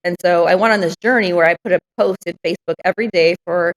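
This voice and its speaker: A woman's voice: lowish voice, fast talker, rough recording. Frank reflective woman interview guest. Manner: frank and reflective, full of fillers. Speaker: business owner guest. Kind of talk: candid interview storytelling.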